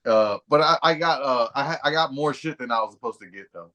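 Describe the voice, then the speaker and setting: A man's voice: medium pitch, brisk, sharp tone. A man co-hosting a podcast, telling long, slangy, profane anecdotes in casual chat. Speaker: podcast co-host.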